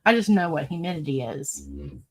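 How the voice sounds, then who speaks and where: A woman hosts a relaxed live stream and reads out viewer comments as she goes. Her voice sits a little low for a woman. She talks in a chatty, meandering way and breaks into laughter often. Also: a little fast, vocal fry, slightly rough. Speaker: livestream host.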